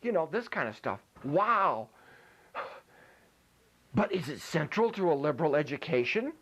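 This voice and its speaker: A man's voice: on the high side, very animated, measured pace, a bit bright, husky. A man giving a playful comic lecture, joking while he demonstrates ventriloquism with food in his mouth.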